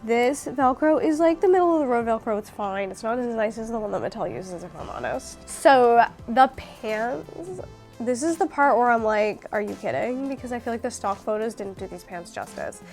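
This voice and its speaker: A woman's voice: fairly high pitch, lively intonation, fairly quick, few pauses, faint music behind. A young woman giving a casual, gushing review of a doll, talking enthusiastically with lots of fillers as she handles it.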